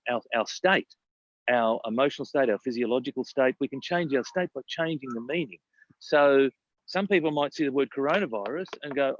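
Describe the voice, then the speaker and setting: A man's voice: medium pitch, no echo, lo-fi sound. A man coaching in casual talk, repeating phrases and asking himself questions. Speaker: mindset coach.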